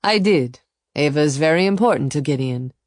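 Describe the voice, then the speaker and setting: Woman narrator doing italian chef guy, warm and pushy, accent on, dry close audiobook sound. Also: sits low, expressive, brisk, dry recording. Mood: courtly. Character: charming middle-aged Italian male chef.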